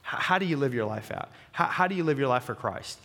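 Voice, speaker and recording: A man's voice: mid-range voice, animated, fast, pushed and bright. A man who is a senior pastor, preaching a sermon in a loose, conversational way full of restarts and asides. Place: church sanctuary with live congregation. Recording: long hall reverb.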